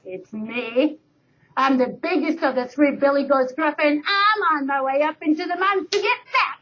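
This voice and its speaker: The biggest billy goat shouts a bold, fearless challenge, as a woman puts him on. His voice is loud and forceful. It comes through a dull, lo-fi webcam recording. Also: high voice, moderate pace, lightly acted. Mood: defiant.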